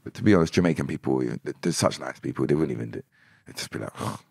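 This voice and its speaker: A man, a musician guest on a podcast, talking in a relaxed, rambling way and often repeating words. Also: extremely low pitch, rapid-fire, creaky, breathy edge, no room sound, studio quality. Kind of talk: casual podcast interview.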